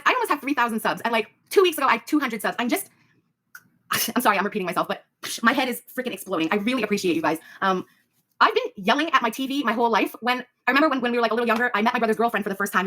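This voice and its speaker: Rapid, bright-voiced woman gushing. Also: on the high side, animated. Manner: gushing, breathless and repetitive. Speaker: live streamer. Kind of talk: excited live stream chat. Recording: clip played from a live stream.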